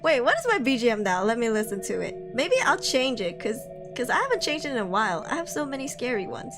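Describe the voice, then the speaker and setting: A woman chats to her stream in a giggly, slangy, self-teasing way, her voice fairly high and bouncing all over. She sits close to a desk microphone at home. Spooky background music runs steadily under her talk. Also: very animated, fast. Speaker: livestream host reading horror stories. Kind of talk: casual livestream chat.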